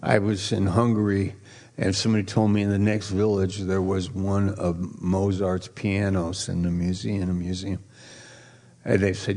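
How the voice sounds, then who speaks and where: A man's voice: low voice, level tone, a little mellow. A man preaching a sermon as pastor, stretching key words and quizzing his listeners playfully. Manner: drawn-out emphasis on key words.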